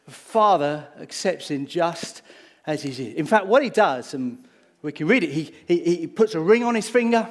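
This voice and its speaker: A man preaching a sermon, acting out a Bible story with lively energy and getting short of breath as he moves about. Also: fairly high pitch, moderate pace. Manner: animated, acts out the story, gets breathless.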